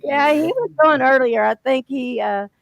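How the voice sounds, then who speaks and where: A woman hosting a podcast, chatting loudly with a laugh and reading out viewer comments. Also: high voice, moderate pace, vocal fry, no room sound. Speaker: podcast host. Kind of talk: casual chat.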